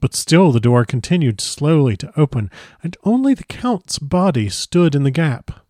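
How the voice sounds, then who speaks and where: A man reading a first-person diary aloud as a dramatic audiobook narrator, measured and grave. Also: a little high, big pitch swings, mellow, no echo, studio quality.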